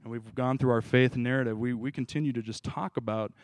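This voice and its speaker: A man's voice: mid-range voice, steady tone, a little fast, no echo. Casual preacher man quizzing his group. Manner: casual, conversational, asks the group questions, restarts. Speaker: pastor. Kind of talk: informal sermon with questions to the group.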